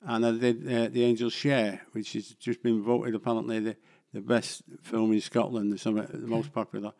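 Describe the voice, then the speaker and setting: A man's voice: medium pitch, level tone, normal speed, darkish tone. An older man with a Mancunian accent, a guest actor chatting in a casual interview in a rambling, self-deprecating way. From England.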